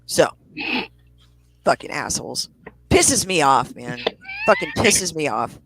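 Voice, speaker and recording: A woman's voice: deep voice, huge pitch swings, takes it slowly, a bit bright, dry recording, low-quality recording. A woman co-hosting a podcast, ranting angrily with lots of swearing. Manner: profane, heated ranting. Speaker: co-host. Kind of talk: angry podcast rant.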